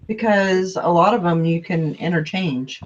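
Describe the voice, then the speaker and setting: A woman's voice: fairly low pitch, unhurried. A woman in a casual morning chat giving plain, matter-of-fact answers over dull lo-fi call audio.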